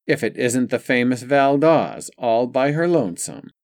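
A man's voice: medium pitch, expressive, measured pace, a little mellow, no echo, studio quality. A man doing a smug, sneering rich college guy. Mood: mocking. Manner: sneering, mocking. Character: smug arrogant privileged young male student.

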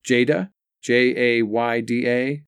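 A man's voice: mid-range voice, fairly even intonation, takes it slowly, smooth, dry recording, studio quality, voice pushed up. A man voicing a prim, sugary, clueless woman receptionist in an audiobook story. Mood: saccharine. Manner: saccharine, clipped.

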